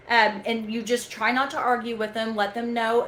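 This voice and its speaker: A woman calmly telling a staff-training story from a chiropractic front desk, patient and talkative. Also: fairly high pitch, moderate pace, hardly any pauses, a little hiss or hum, low-quality recording. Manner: calm, patient, storytelling with quoted dialogue. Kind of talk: casual staff training talk.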